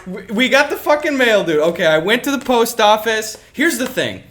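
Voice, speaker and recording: A young man co-hosting a casual podcast chat, with a voice that sits a little high for a man. He tells stories with animation and acts out the people in them. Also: normal speed, a little hiss or hum. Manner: animated storyteller, acts out other people in his anecdotes. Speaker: podcast co-host.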